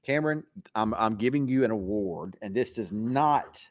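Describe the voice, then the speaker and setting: Weather host, casual late-night chat, rambling and teasing, low dry voice. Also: male voice, expressive, normal speed, dry recording.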